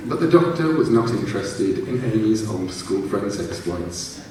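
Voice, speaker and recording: A man narrates his own story aloud in a measured, storytelling way on a large theatre stage. His voice is heard from far off and rings around the hall, with a faint hum of room noise behind it. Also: fairly low pitch, lively intonation, a little mellow. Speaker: author reading his story. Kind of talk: live reading of fiction.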